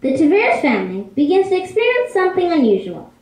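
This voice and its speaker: A woman narrating a children's story in an expressive, lively way. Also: very high voice, fast talker. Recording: echoey room.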